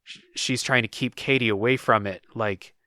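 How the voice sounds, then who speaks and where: A man's voice: mid-range voice, normal speed, no echo, studio quality. A man hosting a podcast, chatting casually and retelling a game's story with lots of filler words. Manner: relaxed storytelling, many "like"s. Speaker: podcast host. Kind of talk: casual chat.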